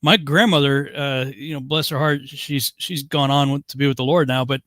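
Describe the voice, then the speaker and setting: A man's voice: medium pitch, steady tone, normal speed, fairly bright tone, dry recording, studio quality. A middle-aged man hosting an online Bible study, telling stories animatedly and laughing often over a video call. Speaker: host.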